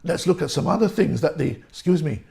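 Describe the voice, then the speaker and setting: A man's voice: fairly high pitch, expressive, creaky, a little mellow. A male pastor preaching a sermon and reading scripture aloud, repeating key words for emphasis. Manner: reads scripture aloud slowly.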